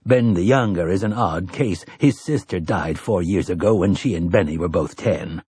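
A man voicing an earnest middle-aged priest who talks quickly and a little pleadingly. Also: sits low, a little mellow, husky, no echo, clean studio sound.

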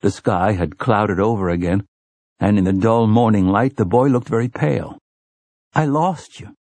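Husky-voiced man narrating a novel. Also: on the low side, moderate pace, no echo. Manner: expressive, shifting between character voices. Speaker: audiobook narrator. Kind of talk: scripted narration.

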